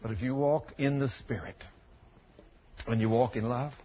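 A man's voice: mid-range voice, steady tone, moderate pace, slight background noise. A man preaching a sermon in a folksy storytelling way, acting out both sides of a conversation. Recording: dull lo-fi recording.

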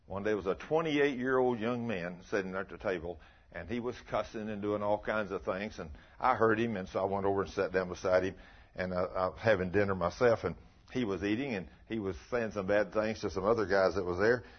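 An older man with a lowish voice, speaking a little fast, preaches a folksy sermon. He tells stories and asks his listeners questions, captured in a muffled lo-fi recording.

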